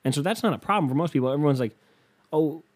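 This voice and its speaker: A man's voice: a little high, animated, very fast. A young man ranting to camera in a casual comedic monologue, swearing freely and acting out the people he quotes. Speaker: comedic vlogger.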